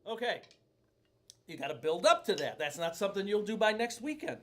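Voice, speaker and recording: A man's voice: high-pitched, very animated, fairly quick, loud music behind the voice. A man teaching drums in a casual video lesson, rambling and joking at his own expense. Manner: rambling, joking, self-deprecating. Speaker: drum teacher. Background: loud drum kit playing.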